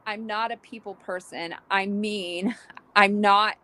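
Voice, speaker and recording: A woman's voice: mid-range voice, slow, low-quality recording. A woman in her fifties with grown children and grandchildren, chatting casually as co-host and reading out viewer comments. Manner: relaxed and agreeable, quoting viewers.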